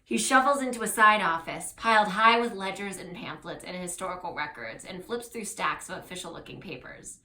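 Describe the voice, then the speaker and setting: A woman's voice: mid-range voice, a little fast, hardly any pauses, sharp tone. A woman acting as game master, reading a gamebook aloud to her players with casual asides.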